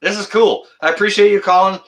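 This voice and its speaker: A man from Canada hosts a casual live stream, his fairly high voice cutting bright and sharp. He breaks into excited exclamations between stretches filled with "uh"s. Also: fast talker. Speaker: livestream host.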